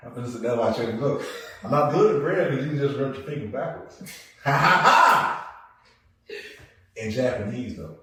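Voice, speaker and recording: Male podcast host, animated and joking, slangy; distant mic in an echoey room, faint hiss. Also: mid-range voice, quick pace. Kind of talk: casual chat.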